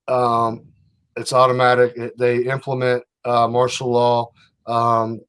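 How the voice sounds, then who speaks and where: A man's voice: mid-range voice, monotone, unhurried, fairly bright tone, smooth. A man hosting a casual livestream chat, rambling and hesitant, with many fillers. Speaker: livestream host.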